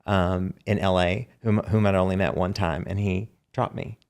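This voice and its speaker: He has a low, smooth voice and a moderate pace, with a Southern US accent. As a singer-songwriter guest in an informal interview, he rambles animatedly through long stories, dropping in many fillers.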